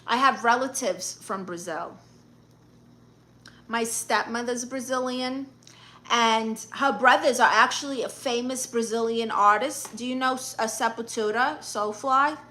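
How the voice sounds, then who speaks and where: A woman's voice: on the high side, a little slow, bright, forceful tone. A woman hosting a casual live stream, reading viewer comments aloud and answering with blunt, sassy comebacks. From Puerto Rican and Guatemalan family.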